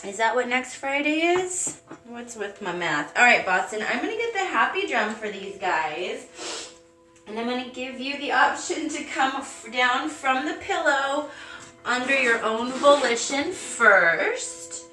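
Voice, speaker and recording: A bubbly woman hosts a casual live stream from home, greeting viewers by name and cooing at her cat. Her high voice swings widely and sounds animated, pushed, and bright, at a slightly slow pace. The room is echoey, with faint music underneath.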